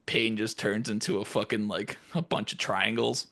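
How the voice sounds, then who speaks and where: A man co-hosting a podcast in casual chat, animated and profane, acting out scenes in silly voices. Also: on the low side, normal speed, creaky, no echo. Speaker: podcast co-host.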